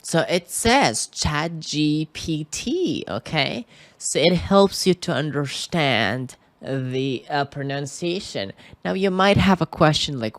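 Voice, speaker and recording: A man with a fairly high, slightly bright voice and big pitch swings teaches English slowly in a screen-recorded tutorial. He records indoors at a computer mic, and the sound is dry. His manner is hesitant, and he keeps asking "okay?"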